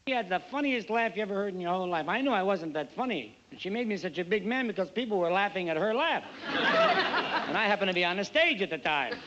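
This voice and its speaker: An actor playing a nightclub entertainer who tells stand-up stories on stage, with brisk delivery and mock-modest asides to the audience. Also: male voice, sits high, very animated, background noise. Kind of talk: stand-up comedy routine on stage. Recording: dull old TV soundtrack with loud music.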